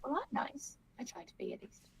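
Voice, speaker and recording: A woman's voice: a little fast, lightly acted. A woman voicing an anxious, earnest young woman in a tabletop role-play, talking hesitantly, with restarts and trailing ends. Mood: worried. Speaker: player voicing a young grandchild character.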